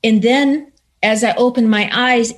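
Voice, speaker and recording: A woman guest recounting a personal story in conversation, earnest and animated, acting out the voices of people in it. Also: fairly high pitch, unhurried. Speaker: interview guest.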